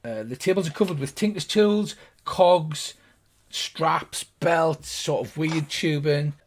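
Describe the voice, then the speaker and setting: An older man narrating as game master of a tabletop game, playful and animated. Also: takes it slowly. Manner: lively, plays gnome voices with big pitch jumps.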